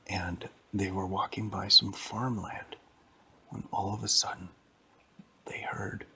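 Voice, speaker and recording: A man telling an improvised bedtime story to a child, in a hushed, half-whispered voice. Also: low voice, little pitch movement, takes it slowly, gravelly, pauses often, a little hiss or hum.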